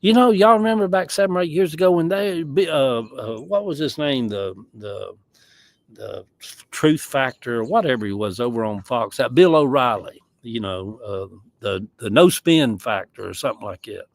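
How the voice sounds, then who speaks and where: A man's voice: mid-range voice, expressive, moderate pace, dry recording. Southern man, folksy livestream chatter, rambling, dry close sound, outdoors. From American South. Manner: rambling, folksy, chuckling asides. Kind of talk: casual chat. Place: outdoors in a yard.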